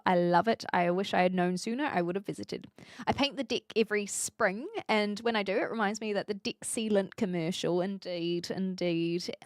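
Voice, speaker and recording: A woman's voice: medium pitch, dry recording, clean studio sound. A woman from New Zealand in her twenties with a Kiwi accent, chatting casually on a live stream and answering her chat, often laughing.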